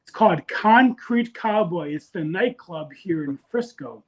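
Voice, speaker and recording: High-voiced easygoing male caller. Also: expressive, measured pace. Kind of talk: casual call-in chat.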